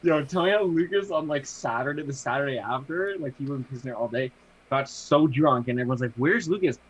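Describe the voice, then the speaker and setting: A man's voice: medium pitch, a little fast, breathy edge, rough recording. A young man co-hosting a podcast, telling a story in a rambling way with many fillers. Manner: rambling, filler-heavy, laughs mid-story. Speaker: podcast co-host. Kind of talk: casual podcast chat.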